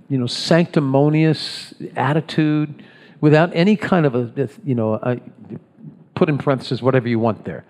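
A man's voice: medium pitch, darkish tone. A man preaching a sermon in a conversational way, often restarting his phrases and acting out voices. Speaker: pastor. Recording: long hall reverb.

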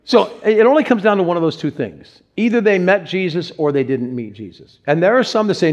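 A man, a pastor, delivering a conversational sermon with dramatic pauses and acted-out quotes. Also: sits high, animated, muffled recording.

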